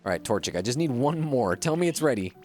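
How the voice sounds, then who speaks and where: A man's voice: mid-range voice, big pitch swings, fast, a little mellow. A man hosting a casual let's-play, chatting playfully and thinking aloud as he goes. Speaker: gaming channel host. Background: faint game music.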